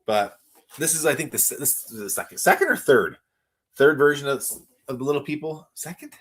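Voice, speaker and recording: A man hosting a live toy unboxing stream, gushing with excitement and often stumbling over his words as he reads viewer comments. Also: fairly high pitch, fairly quick, breathy edge. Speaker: toy collector livestream host.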